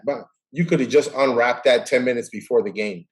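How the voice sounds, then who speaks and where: A middle-aged man, a guest in a casual chat, tells stories and acts out quoted dialogue in an animated way. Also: mid-range voice, a little fast. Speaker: guest, baseball umpire.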